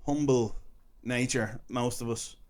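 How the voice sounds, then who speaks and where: A man's voice: mid-range voice, fairly even intonation, slow, darkish tone. An Irish man hosting a podcast, asking questions in an easygoing way with dry humour. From Ireland. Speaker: podcast host. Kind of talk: casual podcast interview.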